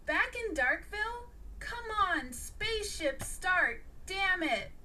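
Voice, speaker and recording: A woman's voice: extremely high pitch, very animated, slow pace, pushed and bright, far from the mic, voice pushed up, heavily acted. A woman voicing an impatient young man fixing a spaceship. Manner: frustrated, pushy.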